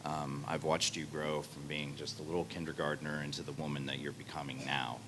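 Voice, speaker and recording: A man giving a halting blessing with ums and pauses while fighting back tears. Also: extremely low pitch, flat delivery, background noise. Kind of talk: off-the-cuff speech.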